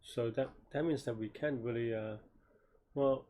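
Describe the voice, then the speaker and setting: A weary man mutters his way through a coding problem, stopping and restarting as he questions his own ideas. His voice sits at an ordinary middle pitch, and he sounds drowsy and unhurried as he thinks aloud. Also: mellow, muffled recording. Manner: halting, self-questioning, many restarts and trailing off. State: tired, yawning. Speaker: programmer solving a coding problem live.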